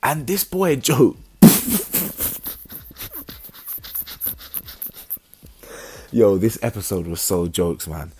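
A man's voice: fairly low pitch, big pitch swings, drawn-out words, long pauses, dark tone, a little hiss or hum. A man with blunt, heavy talk and stumbling restarts, recapping a reality show episode in casual commentary. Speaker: reality TV reviewer.

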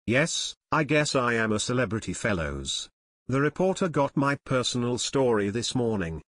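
A man's voice: medium pitch, sing-song, normal speed, a bit bright, no room sound, clean studio sound. A man voicing a chubby, self-important teenage boy who complains, in a read-aloud story. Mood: whiny.

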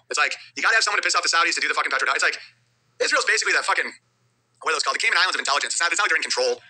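A man's voice: on the high side, sharp tone. A man talking on a livestream in a rambling, muttering way, reading viewer chats aloud between thoughts.

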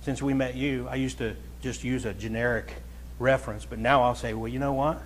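A man's voice: mid-range voice, steady tone, normal speed, slight background noise. A pastor preaching a conversational, folksy sermon to his congregation, chatting with listeners and then building to emphatic, raised points.

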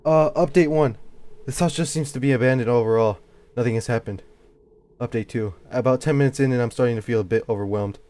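A man's voice: mid-range voice, fast, warm tone. Jittery young man playing a horror game. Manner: jittery, swears, yelps and talks to himself when scared. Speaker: gameplay youtuber. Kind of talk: horror game playthrough commentary.

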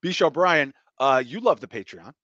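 A man's voice: a little high, expressive, a little fast, fairly bright tone, no echo, muffled recording. A man hosting a casual podcast, chatting loosely and profanely, full of fillers. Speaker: podcast host.

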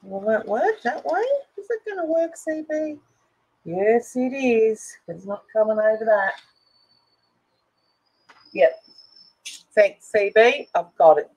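A woman's voice: on the high side, expressive, takes it slowly, long pauses, a little mellow, dull audio. A woman chatting casually to viewers and herself while she works on a craft project. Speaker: craft video host.

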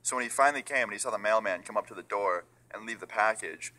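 A man's voice: lowish voice, fast talker, sharp tone, low-quality recording. A young adult man telling a casual story-time tale, swearing freely and saying "like" a lot. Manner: casual, profane, heavy use of "like". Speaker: vlogger.

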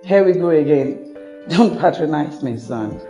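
A woman's voice: sits low, animated, unhurried, reverberant, dull audio, music in the background. A middle-aged woman with a Nigerian accent playing a knowing mother and wife. She talks in a dry, motherly way. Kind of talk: film dialogue.

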